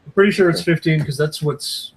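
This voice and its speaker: A man with a fairly high voice chatting on a video call with his game group. He drops dry wisecracks in a relaxed, casual way. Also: fairly quick, slight background noise, rough recording. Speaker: player.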